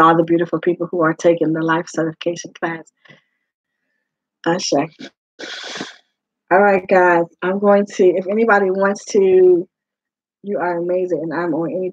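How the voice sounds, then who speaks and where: A woman's voice: lowish voice, no echo. A woman life coach speaking to her group in a live talk, emphatic and repeating her phrases for weight. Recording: dull lo-fi sound.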